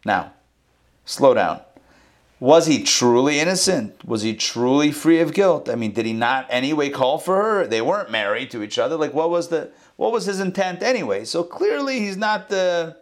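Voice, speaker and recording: A man leads a text-study lesson in a relaxed, conversational way. He dramatizes the passages as he explains them, and his pitch swings widely from phrase to phrase. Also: moderate pace. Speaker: teacher.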